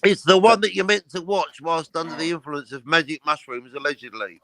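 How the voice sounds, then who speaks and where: A man's voice: fairly high pitch, lively intonation, brisk, pushed and bright, no room sound. A man hosting a casual livestream chat, riffing jokes and swearing freely. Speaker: host.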